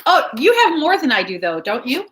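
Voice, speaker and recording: A woman's voice: high voice, big pitch swings, a little fast, a bit bright. A woman co-hosting a casual home chat, teasing her partner, laughing easily and reading her own comic verses. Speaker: co-host.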